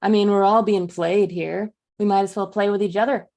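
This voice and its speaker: A woman's voice: mid-range voice, fairly even intonation, a little fast, creaky, darkish tone, close to an everyday voice. A woman playing a battered but upbeat female toy doll in an improv comedy sketch on a video call. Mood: chipper.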